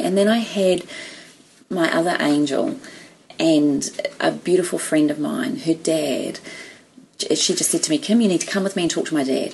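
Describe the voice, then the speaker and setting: Gravelly lower-voiced woman telling stories. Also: a little hiss or hum, low-quality recording. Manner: warm storytelling, emotional, quotes others animatedly. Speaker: guest. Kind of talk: casual chat.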